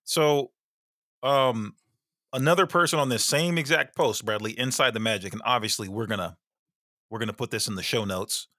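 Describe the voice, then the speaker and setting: A man co-hosting a casual podcast, animated and quick to get fired up, stumbling over repeated words. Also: medium pitch, dry recording, studio quality. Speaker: podcast co-host.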